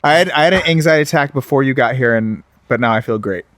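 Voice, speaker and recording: A man's voice: mid-range voice, quick pace, a bit bright, dry recording. A man hosting a podcast in casual chat, playful and restless. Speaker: podcast host.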